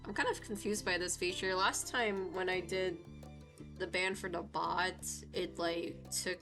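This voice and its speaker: A woman's voice: lowish voice, steady tone. A young woman streaming a dating game, chatting in a flustered, chatty way as she reacts to it and reads it aloud. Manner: chatty, flustered, quick to react and laugh at the story. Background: faint background music.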